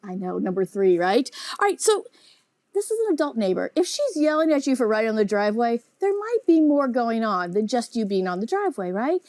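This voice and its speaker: Lively high-voiced woman teaching kids. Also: a little fast, no echo. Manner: animated, asks kids frequent questions. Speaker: children's ministry teacher. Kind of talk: teaching a children's Bible lesson.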